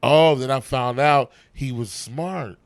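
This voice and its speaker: A man, an actor and comedian, telling profane, animated stories in a casual interview backstage at a comedy club. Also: medium pitch, takes it slowly, gravelly, dry recording. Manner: profane, animated storytelling with acted-out quotes.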